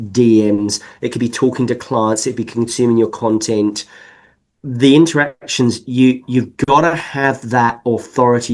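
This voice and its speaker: A man from England with an accent mixed with New Zealand, speaking as a guest in a podcast interview and explaining at length in an animated, emphatic way. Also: medium pitch. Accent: mixed English and New Zealand. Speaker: sales consultant guest.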